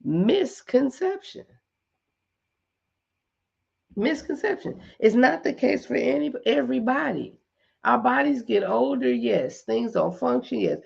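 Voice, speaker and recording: A middle-aged woman hosting a casual live chat with her viewers, talking in an animated way, repeating points for emphasis and laughing often. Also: a little high, moderate pace, creaky, slightly rough, lo-fi sound. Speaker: host.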